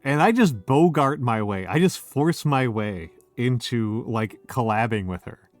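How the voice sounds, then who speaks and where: A man's voice: mid-range voice, expressive, a little slow, soft background music. A middle-aged man hosting a casual drinking stream from home, rambling and swearing as he keeps interrupting himself. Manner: rambling, profane, self-interrupting. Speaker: streamer host.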